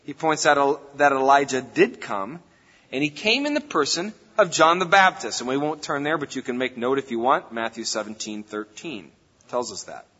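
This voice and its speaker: A man's voice: mid-range voice, lively intonation, moderate pace, pushed and bright. A man preaching a sermon as pastor, in a conversational, folksy way, recorded in a church hall. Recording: reverberant hall, dull lo-fi sound.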